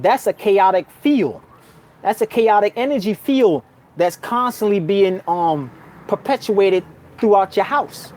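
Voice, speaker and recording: An animated spiritual vlogger from New York delivers a casual storytelling monologue full of slang, calling the listener "son" and "bruh." He swings between loud outbursts and low murmurs.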